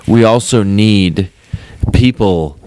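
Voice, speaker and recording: A man's voice: on the low side, slow, mellow, a little hiss or hum. A man co-hosting a comedy podcast, laid-back and agreeable, riffing along with crude jokes. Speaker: podcast co-host. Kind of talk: casual comedic chat.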